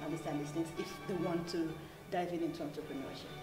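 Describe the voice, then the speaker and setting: A woman's voice: low voice, fairly even intonation, fast talker. A woman from Congo hosting an interview, asking questions in an encouraging way with frequent affirmations. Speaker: host. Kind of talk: interview chat. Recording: echoey room with music behind.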